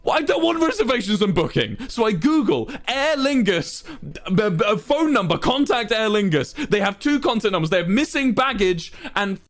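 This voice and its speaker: Man, young adult, high pitch, exasperated, swearing, talking to a live chat. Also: sing-song, normal speed. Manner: exasperated, swearing, building to outbursts. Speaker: streamer. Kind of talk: animated storytelling rant to chat.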